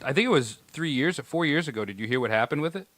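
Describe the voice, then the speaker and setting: A man's voice: on the high side, expressive, fast, fairly bright tone, no room sound. A man with a New England accent co-hosting a podcast, telling stories in easygoing casual chat. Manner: easygoing storyteller. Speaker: podcast co-host.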